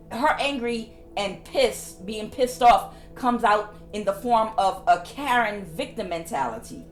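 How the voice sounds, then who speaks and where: A woman tarot reader giving a casual spiritual reading, repeating her phrases for emphasis. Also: mid-range voice.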